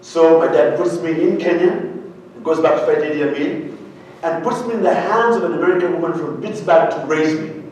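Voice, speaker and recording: A man's voice: a little high, brisk, a little mellow, highs cut off, slight background noise. A man from Uganda giving a humorous storytelling keynote, quizzing his audience as he goes. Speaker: keynote speaker. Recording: very echoey hall, voice far from mic.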